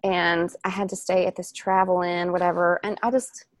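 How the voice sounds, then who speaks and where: Guest: young woman stage performer, fairly low voice, loose and chatty, dry close sound. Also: level tone, normal speed, dry recording. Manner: chatty, self-deprecating, many restarts. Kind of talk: casual interview chat.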